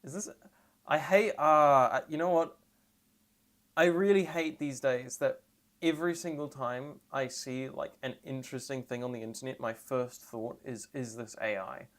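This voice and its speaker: A trans woman streaming live and reacting to memes, rambling and sarcastic with deadpan asides, and tired. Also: rumbling low, unhurried.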